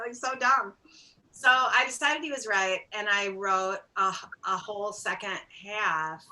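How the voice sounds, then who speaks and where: A middle-aged woman with a bright, ringing voice tells stories in a relaxed interview. She talks as a singer-songwriter guest, animated and self-deprecating. She acts out bits of dialogue. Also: medium pitch, unhurried, rough recording. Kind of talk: storytelling in a casual interview.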